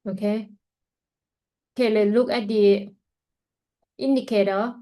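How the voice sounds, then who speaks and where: A woman hosts a live trading webinar and talks through the charts as she watches them. She sounds tired and yawns through it, with lots of fillers and loose grammar in her English. Her voice sits at a middle pitch. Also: fairly even intonation, takes it slowly, warm tone, low-quality recording. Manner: casual, thinking aloud while watching charts. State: tired, yawning. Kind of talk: live market analysis.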